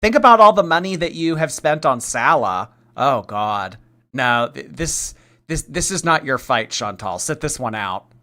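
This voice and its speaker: A man's voice: medium pitch, very animated, a little slow, sharp tone. A man commenting on a live stream in a sarcastic, mocking way, rambling and restarting his sentences.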